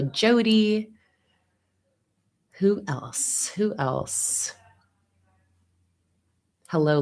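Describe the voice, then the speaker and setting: Low-voiced woman hosting a chatty livestream. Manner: greets viewers by name, upbeat and chatty. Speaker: livestream host. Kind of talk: casual livestream chat. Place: at her desk.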